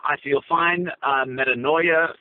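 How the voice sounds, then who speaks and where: A man's voice: fairly high pitch, fairly even intonation, measured pace. A man co-hosting a casual chat from a parked car, talking through his phone and rambling with many fillers and restarts. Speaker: co-host. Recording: tinny phone line.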